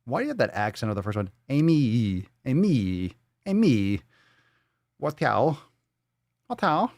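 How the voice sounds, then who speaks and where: A male podcast host ranting on a live stream, profane and mocking throughout. His pitch leaps and dives all over the place, and he swings from loud outbursts to low muttered asides. The sound is close and dry, with no room around it. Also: big pitch swings, normal speed, dry recording.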